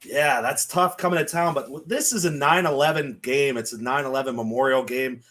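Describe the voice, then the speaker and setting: Male podcast co-host, mid-pitched, chatty and joking, casual betting talk. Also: fairly quick, a bit bright. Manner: chatty, laughs often, joking. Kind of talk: casual sports betting chat.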